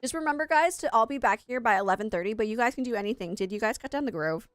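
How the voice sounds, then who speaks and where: A woman's voice: on the high side, expressive, rapid-fire, no echo. A woman streamer chatting on a live gaming stream, rambling and self-deprecating, who also works as an English teacher.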